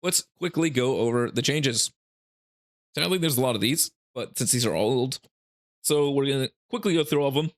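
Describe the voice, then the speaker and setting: A man's voice: medium pitch, normal speed. A man hosting a gaming channel, casually talking through game rules with hiccups, rambling with laughing asides and frequent restarts. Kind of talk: casual rules breakdown commentary.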